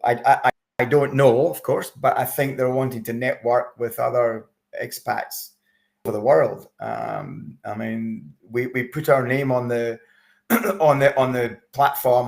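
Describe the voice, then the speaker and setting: A man's voice: medium pitch, gravelly. A man from Scotland, a guest in an interview, telling anecdotes in a chatty, hesitant way with many repeated words. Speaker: interview guest, expat campaigner. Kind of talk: casual conversational interview.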